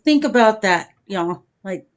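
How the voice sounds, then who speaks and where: A woman's voice: mid-range voice, lively intonation, unhurried. A woman speaking as a guest in a casual discussion, earnestly addressing the audience directly.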